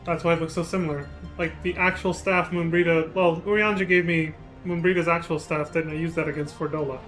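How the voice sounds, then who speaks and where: Guy streaming a game, high voice, chatty and swearing, going a bit hoarse. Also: flat delivery, fairly quick, fairly bright tone, soft background music. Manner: casual, swearing, laughing reactions. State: voice getting hoarse. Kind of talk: live game playthrough, reading dialogue aloud.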